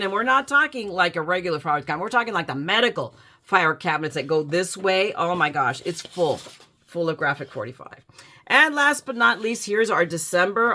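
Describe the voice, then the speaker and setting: A woman's voice: on the low side, pushed and bright. A woman showing off a paper haul in a casual vlog, gushing with enthusiasm and reading quotes aloud. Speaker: scrapbooking vlogger.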